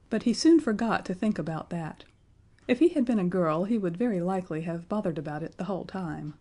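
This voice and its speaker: A woman telling a storybook tale in a gentle, lively way, with asides to the listener. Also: lowish voice. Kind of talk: storybook reading.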